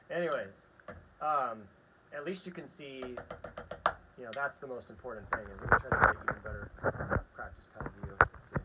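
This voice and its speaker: A man giving a casual drum lesson, chatty and relaxed, counting rhythms aloud as he demonstrates. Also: medium pitch, unhurried, long pauses, very noisy. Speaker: drum teacher. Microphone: phone camera aimed at a practice pad.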